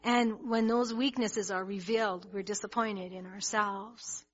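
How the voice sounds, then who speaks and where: A woman's voice: mid-range voice, fairly even intonation, measured pace, highs cut off. A woman preaching a sermon to a congregation, earnest and emphatic, often restarting her words. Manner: earnest, emphatic, with many restarts and rising intensity. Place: church hall with congregation.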